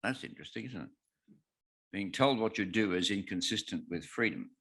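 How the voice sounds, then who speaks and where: An older man with an Australian accent giving a lecture, dry and humorous, halting with frequent filler sounds. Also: lowish voice, animated, pushed and bright, breathy edge. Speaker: guest speaker. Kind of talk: lecture on scripture.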